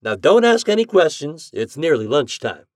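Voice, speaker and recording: A man reading an audiobook voices a cheerful, eccentric scientist who lectures with drawn-out emphatic stresses. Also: a little high, very animated, darkish tone, no room sound, clean studio sound, voice pushed up. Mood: earnest. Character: eccentric male scientist, cheerful self-declared mad genius.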